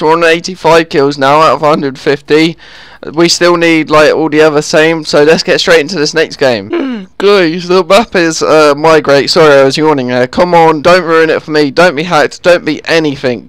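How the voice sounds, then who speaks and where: A man talks through a shooter match as he plays it, his voice sitting a little high and coming through smooth and clear. He is quick to exasperation, groaning and pleading with the game whenever a kill slips away. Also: no echo. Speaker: gaming channel host. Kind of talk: live gameplay commentary.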